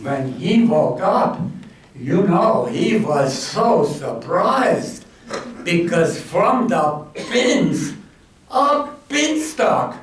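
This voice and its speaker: A man spins a jokey, punning bedtime story at a slow, easy pace. His voice is high and very lively. It echoes loudly around a community hall, picked up from a distance. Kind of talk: comic bedtime story telling. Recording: echoey room, mic far off.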